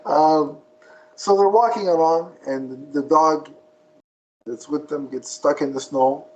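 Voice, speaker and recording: A man co-hosting a podcast, retelling a cartoon in casual chat with a rambling, animated manner. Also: a little high, slow, muffled recording. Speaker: podcast co-host.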